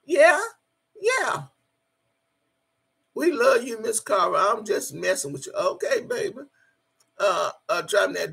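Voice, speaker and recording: A middle-aged woman hosting a casual livestream, talking straight to her viewers with open emotion and plenty of swearing. Her voice sits high and has a gravelly, husky edge. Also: very animated, measured pace, long pauses, fairly bright tone. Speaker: livestream host reading chat.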